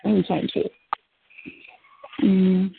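A woman's voice: medium pitch, flat delivery, takes it slowly, creaky, music in the background. A woman chatting casually and bluntly over the phone, swearing freely and laughing easily. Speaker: phone chat line caller. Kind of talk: casual chat. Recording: noisy tinny phone line.

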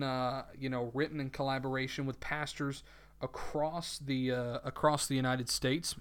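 A man's voice: a little high, fairly bright tone, clear, resonant tone. A man with a Southern US accent hosting a faith talk show, speaking casually with many hesitations and restarts. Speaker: radio show host.

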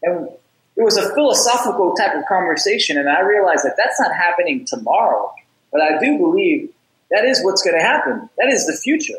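Energetic man with a roomy echo. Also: high-pitched, fairly quick. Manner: energetic, repeats words when starting sentences. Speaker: podcast guest, startup founder. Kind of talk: casual interview talk, storytelling.

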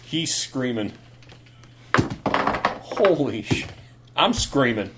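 Man, tabletop player, excitable joking, lively voice, loud noise behind. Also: medium pitch, very slow. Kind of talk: casual game-table chat.

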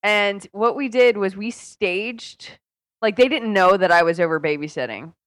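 Female podcast co-host, giggly, self-mocking, mid pitch, dry close sound. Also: normal speed, fairly bright tone, no room sound. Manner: giggly, self-deprecating storyteller. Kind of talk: casual chat.

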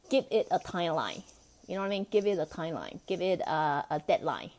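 This woman's voice is a bit low and mellow as she hosts a solo self-help podcast. She speaks conversationally and encouragingly, often tossing in "right?", and slips in laughs between her points.

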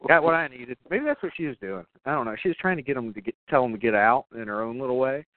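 Animated and quick, a man with a medium-pitched voice recaps a horror film as a podcast co-host, swearing, rambling, using lots of fillers, and laughing often. It sounds dry and tinny, phone-like, with no room sound.

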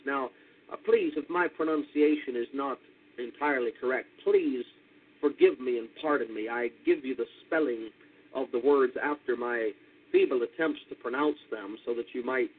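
An American man preaching a radio sermon, deliberate and methodical, spelling out words and rising with emphasis on key points. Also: mid-range voice, slightly rough. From United States. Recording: tinny lo-fi radio broadcast.

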